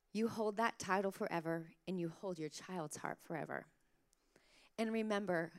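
A woman in her thirties preaching a sermon to mothers, telling personal stories in a chatty way full of "like" fillers. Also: medium pitch. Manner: warm storytelling, chatty with many "like" fillers. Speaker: pastor.

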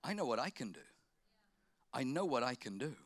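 A man voicing Jesus within a sermon, speaking slowly and quietly. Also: big pitch swings, close to an everyday voice. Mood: tender. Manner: hushed, slow and low. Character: calm, gentle adult male Jesus speaking softly.

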